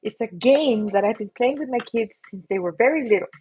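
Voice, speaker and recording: A woman's voice: on the high side, lively intonation, a little fast, lo-fi sound, slight background noise. A woman hosting a casual livestream, chatty and self-mocking as she talks through an itchy, coughing throat. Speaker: livestream host and app creator.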